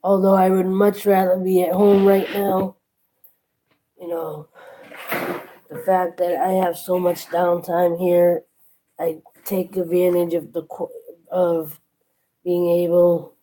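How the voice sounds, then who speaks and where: A woman's voice: fairly low pitch, little pitch movement, slow pace, pauses often, warm tone, poor audio. A tired woman chatting casually with her live-stream viewers from her workplace, yawning and thanking them one by one.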